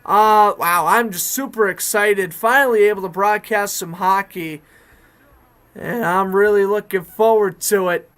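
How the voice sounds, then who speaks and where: A man with a Boston accent giving chatty, excited fan-made play-by-play commentary on a hockey game. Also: sits high, measured pace, smooth. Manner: excited, chatty, self-correcting. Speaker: sports commentator.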